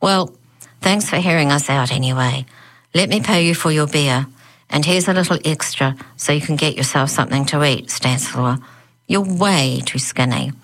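A woman's voice: sits low, moderate pace, low-quality recording. A woman voicing an eager, eccentric male professor who pleads and cheers. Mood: pleading. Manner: pleading, jubilant.

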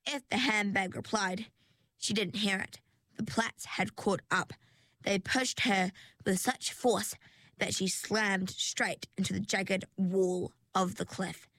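A woman reads a children's storybook aloud in a measured, expressive way. She takes her time over every line, at a middle pitch. The recording is close and dry. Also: dry recording. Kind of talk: storybook narration.

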